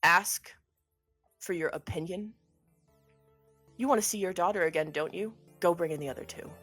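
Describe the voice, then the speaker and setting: A woman's voice: lowish voice, normal speed, fairly bright tone, slightly rough, faint music behind. A woman voicing a smug, condescending male villain king who taunts with silky, gleeful menace.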